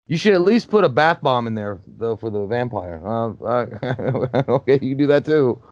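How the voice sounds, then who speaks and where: A man's voice: medium pitch, expressive, normal speed, darkish tone, dry recording, muffled recording. A man hosting a casual movie commentary, joking and cursing as he riffs on the film.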